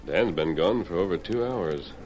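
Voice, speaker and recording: An actor playing a steady, measured western hero with a reassuring manner, in 1940s radio acting style. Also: male voice, low-pitched, dull audio, music in the background.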